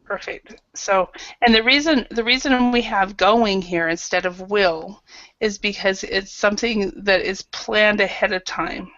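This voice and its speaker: A woman's voice: medium pitch, measured pace, a bit bright, no room sound, dull audio. A woman teaching an online English grammar class, patiently calling on students by name and correcting their answers.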